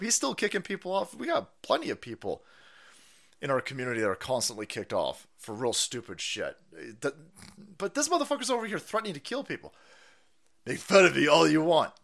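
A man hosting a stream, ranting in profane political commentary with mocking asides and sudden shouts. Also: high-pitched. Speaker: streamer host.

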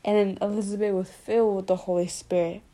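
A woman with a mellow, warm tone retells a Bible story in a relaxed, informal way. She keeps dropping in "basically", "like" and "you know" as she goes, talking like a friend leading a study group. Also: medium pitch, fast.

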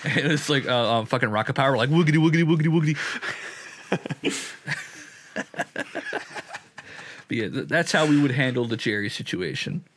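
A man's voice: mid-range voice, lively intonation, fast, hardly any pauses, fairly bright tone, slight background noise. A young man in his twenties co-hosting a casual comedy podcast, goofy and slangy in his chat. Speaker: podcast co-host.

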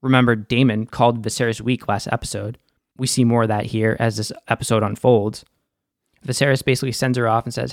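A man's voice: mid-range voice, flat delivery, brisk, no room sound, clean studio sound. A young man with a Boston accent hosting a casual, slangy and opinionated episode recap. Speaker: show recap host.

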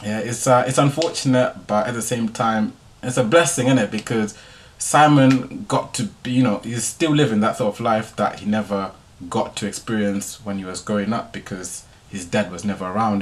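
A young man hosts his podcast and talks through a story in a loose, chatty monologue. His voice sits a little low, and he keeps tacking tag questions onto his sentences. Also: a little hiss or hum. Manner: laid-back slangy delivery, tag questions. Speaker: podcast host.

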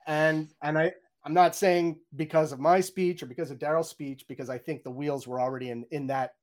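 Middle-aged guy in an interview, chatty and excited, acts out what he said, bit high pitched. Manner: animated, acts out his own reactions in quotes; fast, chatty, many "you know"s and restarts. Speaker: game audio director. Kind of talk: candid interview storytelling.

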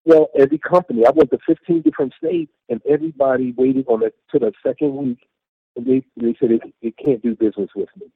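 This middle-aged interview guest talks fast in a creaky, mid-range voice with a breathy edge and huge pitch swings. Recounting his faith testimony earnestly, he repeats himself often and acts out what he said. The audio is narrow and tinny, with no echo.

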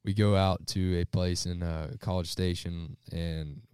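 A man hosts a relaxed hunting podcast, telling animated stories and swearing freely. His voice sits fairly low. The sound is dry and close, with no room echo. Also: a little slow, smooth. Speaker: podcast host. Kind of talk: casual chat, storytelling. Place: hunting lodge, drinking beers.

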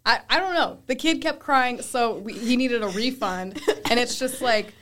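A woman's voice: a little high, moderate pace, fairly bright tone. Young woman venting about customers. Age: young adult. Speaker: panelist recalling first jobs. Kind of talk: casual chat.

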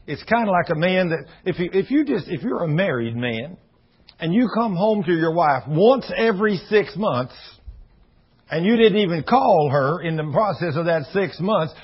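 A man's voice: high voice, slightly rough, muffled recording. A man preaching a folksy sermon, telling stories and acting out the dialogue in shifting voices. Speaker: pastor.

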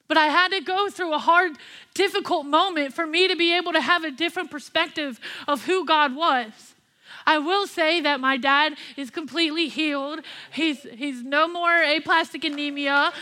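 Woman, high voice, bright tone, young adult, sermon, heartfelt testimony. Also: normal speed. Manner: candid personal testimony, impassioned. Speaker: pastor and worship leader.

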